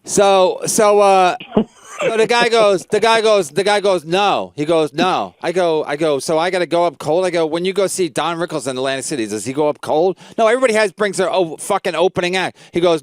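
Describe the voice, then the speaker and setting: High, smooth-voiced profane storyteller man. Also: no echo. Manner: profane, rambling, repeats "I go". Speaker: podcast host and comedian. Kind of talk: casual storytelling chat.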